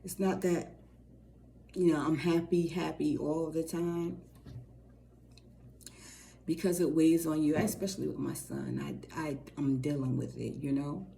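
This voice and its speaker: A middle-aged woman co-hosting a faith channel, talking casually and warmly to her viewers, rambling and repeating phrases as she goes. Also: sits low, fairly even intonation, unhurried, gravelly, pauses often, slight background noise. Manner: warm, rambling, repeats phrases, says y'all. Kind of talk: casual direct-to-camera talk.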